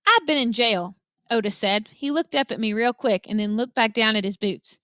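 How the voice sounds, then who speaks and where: Bright-voiced woman reading a children's novel. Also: mid-range voice, brisk, no room sound. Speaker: reader.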